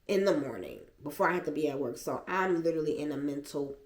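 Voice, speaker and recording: A woman's voice: low-pitched, lively intonation, quick pace. A woman vlogger at home, animatedly and emotionally retelling a personal story. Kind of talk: storytime vlog. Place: at home, seated. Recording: echoey room.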